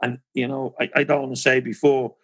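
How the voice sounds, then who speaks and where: A man's voice: medium pitch, flat delivery, fairly quick, a bit bright. A man in his forties hosting a podcast, framing long scene-setting questions in a casual interview. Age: 40s. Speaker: podcast host.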